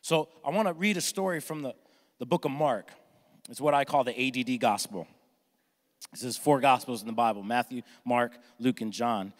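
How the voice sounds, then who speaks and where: A middle-aged man preaching a lively, joking sermon to his congregation. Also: mid-range voice, moderate pace, in a large hall. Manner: energetic, jokey, acts out family members with shouts. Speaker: pastor. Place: church sanctuary with congregation.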